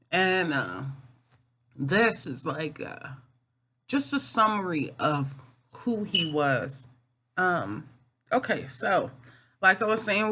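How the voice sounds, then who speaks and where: A woman vlogger with a lowish, sharp-toned voice tells a personal story during a casual chat at home. She rambles and halts, full of fillers and restarts.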